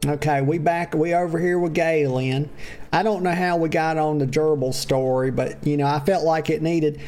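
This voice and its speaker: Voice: medium pitch, fairly even intonation, normal speed, a little mellow, soft background music. A speaker giving rambling, sassy let's-play commentary in a campy diva persona, crude and chatty. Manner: rambling and drawling. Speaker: gameplay commentator.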